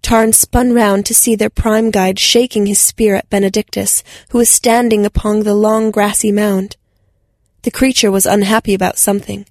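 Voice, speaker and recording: A woman narrating a science fiction story in a steady, measured audiobook style. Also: mid-range voice, dry recording, studio quality.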